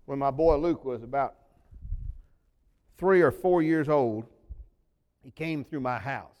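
Man, pastor, sermon, folksy storytelling, loud-then-low delivery, high voice, long hall reverb. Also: unhurried, pauses often. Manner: folksy storytelling, swinging between loud emphasis and sudden low drops.

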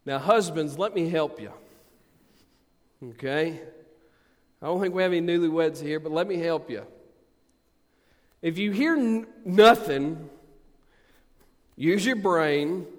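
A man preaching a sermon, swinging from booming emphasis to quiet asides. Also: expressive, slow pace, pauses often. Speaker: pastor. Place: church sanctuary. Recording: long hall reverb.

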